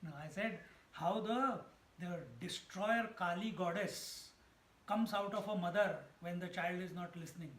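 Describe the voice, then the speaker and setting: High-voiced man giving a spiritual talk. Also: a little slow, echoey room, low-quality recording. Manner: chants verses, then explains with stories and laughs. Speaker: swami giving a scripture talk. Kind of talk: spiritual discourse.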